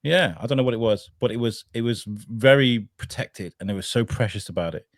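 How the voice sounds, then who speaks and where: A man's voice: medium pitch, fairly quick, no echo, studio quality. An English man, a podcaster guest, tells a rambling, self-mocking story, swearing and laughing as he goes. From England. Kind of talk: casual anecdote in an interview.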